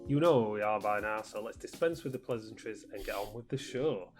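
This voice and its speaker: A man's voice: lowish voice, fairly quick, faint music behind. A man hosting a podcast in a dry, matter-of-fact way, steering the chat. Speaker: podcast host. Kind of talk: casual chat.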